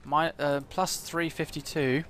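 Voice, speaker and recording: A man's voice: on the high side, little pitch movement, measured pace, fairly bright tone. A man commenting on his own strategy game as he plays, thinking aloud with frequent hesitations and fillers. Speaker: let's play gamer.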